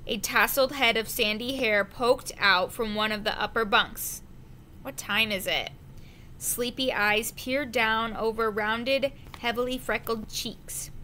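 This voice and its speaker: A woman narrates a storybook at an unhurried pace, her voice bright and a touch high. She reads carefully and now and then stumbles over a word before correcting herself. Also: fairly even intonation, slight background noise. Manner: slow, careful reading with small slips. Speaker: audiobook reader.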